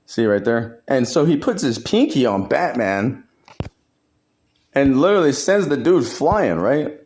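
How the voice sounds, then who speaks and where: A man's voice: mid-range voice, very animated, a little slow, a little mellow, slight background noise. A man doing a casual comedic voiceover, laughing often and full of slang and swearing. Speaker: comedic narrator.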